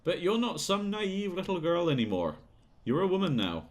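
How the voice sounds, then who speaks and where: A man's voice: high voice, sing-song, normal speed, pitched above the performer's own voice. A man voicing a manipulative, bullying male talent manager who talks down to a young singer, in a video game playthrough. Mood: sneering. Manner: condescending, bullying, sneering.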